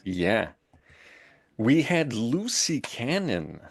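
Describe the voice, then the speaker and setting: Co-host, Quebec French accent, animated pitch, laughs a lot. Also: male voice, very slow, gravelly, slightly rough. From Montreal, Canada. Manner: lively, laughs often, jokes in French. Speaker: co-host of a live show. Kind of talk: casual live-stream chat.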